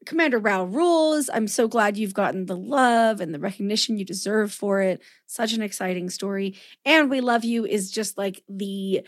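A woman co-hosting a podcast in casual chat, gushing and joking, with a slightly husky voice. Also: medium pitch, normal speed, hardly any pauses, no echo, studio quality. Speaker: podcast co-host.

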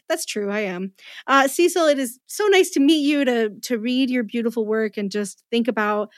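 A woman hosting a podcast, effusive and quick to laugh, thanking guests and listeners. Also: on the high side, no room sound, studio quality. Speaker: podcast host. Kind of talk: casual podcast chat.

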